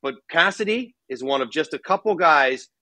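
A man's voice: on the high side, expressive, normal speed, pushed and bright, no echo. A man who used to play professionally, talking hockey candidly and casually on a podcast, thinking aloud with a few fillers. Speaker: hockey analyst, former player. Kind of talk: casual sports podcast chat.

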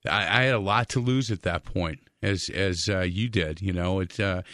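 A man's voice: low-pitched, moderate pace, bright, forceful tone, dry recording, clean studio sound. A man hosting a talk-radio show, talking loosely with stumbles and frequent restarts.

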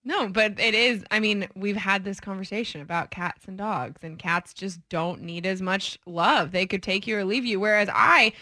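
Radio co-host, woman, bright clear tone, dry close studio sound, chatty and self-deprecating. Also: mid-range voice, moderate pace, few pauses, no echo. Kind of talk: casual on-air banter.

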